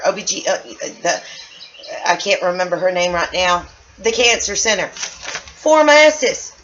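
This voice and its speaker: An angry woman from the United States rants into her camera in a personal vlog, her voice fairly high and sharply forceful. She trips over her words and repeats herself, a little loopy. The sound is slightly dull and lo-fi, with faint noise in the background. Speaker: vlogger. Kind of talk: emotional personal vlog rant. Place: home room.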